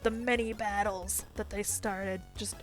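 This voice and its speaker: A woman's voice: mid-range voice, fairly even intonation, measured pace, soft background music. A woman casually commenting on a game as she plays and reads its text aloud, rambling and poking fun at herself. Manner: rambling, self-deprecating, playful. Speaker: let's player.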